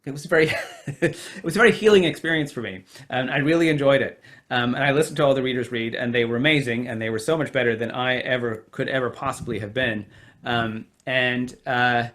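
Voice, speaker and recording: A man's voice: mid-range voice, brisk, fairly bright tone. Hesitant nasal American man. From United States. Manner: hesitant, many fillers. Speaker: author guest. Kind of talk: virtual event conversation. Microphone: home computer mic on video call.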